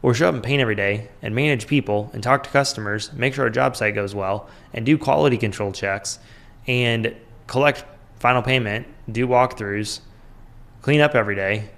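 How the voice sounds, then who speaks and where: This is a man in his thirties talking through business advice on a podcast. His mid-pitched voice has a gravelly fry to it, and he speaks in a loose conversational way, scattering fillers and rhetorical questions throughout. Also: a bit bright. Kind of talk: casual advice talk.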